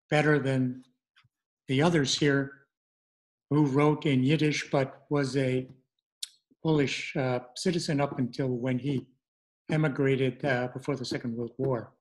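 Speaking at a medium pitch, a middle-aged man runs an online language class, stumbling along with frequent fillers and false starts.

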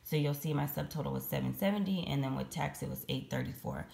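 A woman with a low, deeply gravelly voice, hoarse and raspy from the morning. She chats casually, walking through numbers step by step for her vlog viewers. The sound bounces around an echoey room. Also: fast talker, a little mellow. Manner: chatty, talks through receipt math step by step. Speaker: couponing vlogger.

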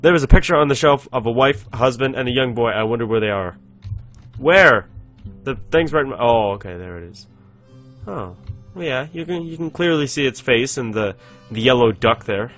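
A man's voice: mid-range voice, animated, normal speed, a bit bright, soft background music. A young man hosting a casual let's-play, rambling, giggling and reading game text aloud. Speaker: gaming channel host.

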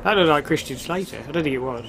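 A man's voice: fairly high pitch, fast, fairly bright tone. A man giving casual, wry commentary while starting a video game, with sarcastic asides. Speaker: let's play host.

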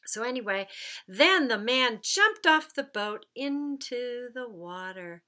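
A woman leading a church children's message, speaking gently and slowly to young kids as she tells a story and prays. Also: a little high, animated.

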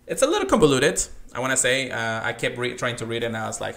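Male podcast co-host, bright timbre, casual and rambling, filler-heavy. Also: medium pitch, fast talker, vocal fry. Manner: chatty, rambling, many fillers and restarts; reads text aloud in a flat, careful way.

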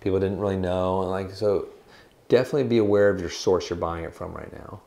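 A man in his forties with a lowish voice talks casually about guitars as a shop co-host. He rambles loosely from one story to the next and slips in deadpan jokes. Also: fast, creaky. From United States. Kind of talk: casual chat.

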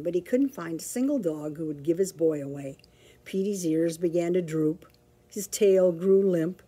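A woman librarian reading a picture book aloud to children, with expressive, animated storytelling. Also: lowish voice, a little slow, husky.

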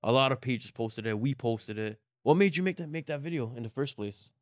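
A man's voice: mid-range voice, animated, a little fast, no room sound, studio quality. Man hosting a casual podcast. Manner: brief agreeing interjections and prompting questions. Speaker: podcast host. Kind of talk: casual interview.

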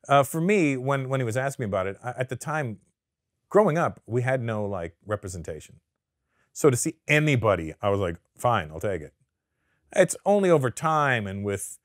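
A middle-aged man from Canada, speaking as a comedian guest in a relaxed studio interview. His voice sits in an ordinary middle pitch, and the sound is close and dry. He tells stories in an animated, profane way and keeps slipping into quoted voices. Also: dry recording. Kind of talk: casual interview chat.

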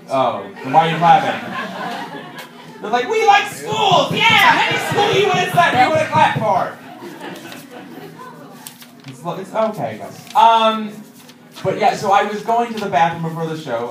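Animated stand-up comic in a roomy club. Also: male voice, a little high, noisy background. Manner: animated, self-mocking storytelling with shouted punchlines. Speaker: stand-up comedian. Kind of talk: stand-up set. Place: comedy club stage with audience. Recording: roomy, distant live club recording.

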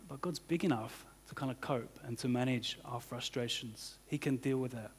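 Husky and medium-pitched, a pastor's voice moves at a normal speed through his sermon. He keeps things informal, leaning on "you know" and "kind of" often. Church hall reverb colors the recording.

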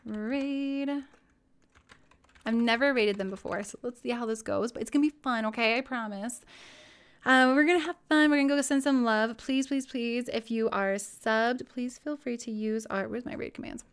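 A bubbly young woman streaming from home, chatting with her viewers in a fairly high voice. She gushes over things she likes and jumps from one thought to the next. Her talk is casual and personal, close on a desk mic. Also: a little slow, pauses often, clean tone. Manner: bubbly, gushing, easily excited. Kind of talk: casual live-stream chat.

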